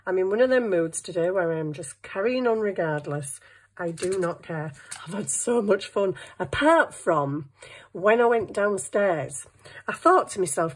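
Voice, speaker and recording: A middle-aged woman chats through a crafting vlog, rambling and self-mocking as she hunts for supplies on her desk at home. Her voice is a little husky and sits on the low side. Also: lively intonation, measured pace. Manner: rambling, self-mocking, talks to herself while working. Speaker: craft vlogger.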